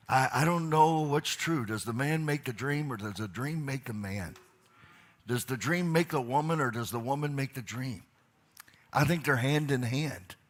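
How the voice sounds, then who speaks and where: A man's voice: mid-range voice, a bit bright, a little hiss or hum. A man hosting a church leadership night, rallying the crowd with jokes and enthusiastic preaching. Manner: enthusiastic, joking, rallies the crowd. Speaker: pastor and leadership event host. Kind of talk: energetic sermon and hype.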